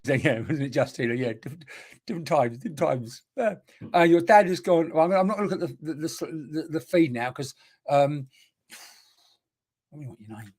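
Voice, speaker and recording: A man, giving a live online mediumship reading, chatty and rambling as he passes on messages and talks to viewers. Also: on the high side. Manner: chatty, rambling, exclaiming, talking to unseen spirits and viewers. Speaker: spiritual medium.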